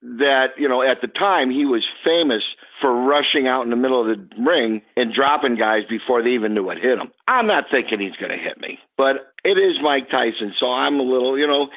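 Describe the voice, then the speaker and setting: A man, a guest on the podcast, telling an animated story about his past work. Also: mid-range voice, a little fast, hardly any pauses. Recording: tinny phone line.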